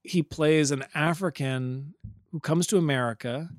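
A man's voice: on the high side, measured pace, no echo, studio quality. A man co-hosting a podcast in casual chat, joking and rambling, laughing often. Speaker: podcast co-host.

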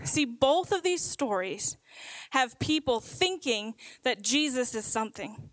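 A woman preaching a sermon, earnest and emphatic, slowing down to stress her points. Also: a little high, lively intonation, fairly bright tone, dry recording, low-quality recording.

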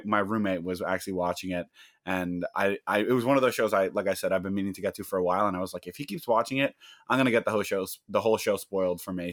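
A young man with a fairly low voice chats casually on a podcast, stopping and restarting his sentences often. The recording is dry and close. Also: fairly bright tone, dry recording. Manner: chatty, halting, frequent fillers and restarts. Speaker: podcast co-host.

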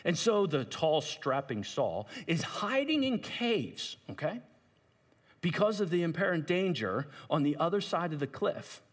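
A man preaching a sermon, retelling a story with lively asides to his listeners. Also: fairly high pitch, a little slow. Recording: long hall reverb.

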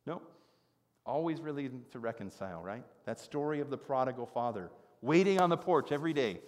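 A man's voice: medium pitch, animated, fairly quick, a little mellow, long reverb tail. A man in his thirties preaching a sermon as a pastor, earnest and conversational, with rhetorical questions and prayerful asides. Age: 30s.

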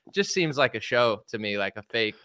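A man's voice: mid-range voice, animated, a little fast, pushed and bright, clean tone, dry recording, studio quality. A man hosting a podcast, laid-back, laughing often and mimicking newscasters. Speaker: podcast host. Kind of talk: casual podcast chat.

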